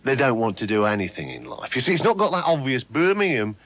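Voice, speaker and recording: Older East Midlands man, TV chat guest, dry wit, lively pitch, dull broadcast sound. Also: fast talker, dry recording. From England. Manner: dry, wry storytelling with mimicry. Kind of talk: casual chat.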